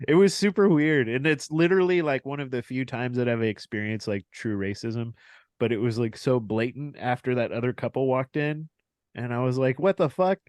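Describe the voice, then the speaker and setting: Young male storyteller for a podcast, profane and laughing, voicing others in his story, mid pitch, dry close mic. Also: moderate pace, darkish tone, no echo. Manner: laughing, profane storyteller who acts out dialogue. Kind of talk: casual podcast chat.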